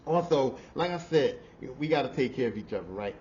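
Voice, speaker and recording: A man, a podcast host telling casual work stories in a profane, animated way, laughing and swinging from low mutters to loud outbursts. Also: brisk. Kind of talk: casual storytelling. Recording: slightly dull audio with faint noise.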